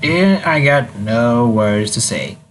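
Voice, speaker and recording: A man's voice: mid-range voice, expressive, slow, slight background noise. A man co-hosting a podcast over an online voice call, adding dry, wry remarks to a casual episode recap. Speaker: podcast co-host.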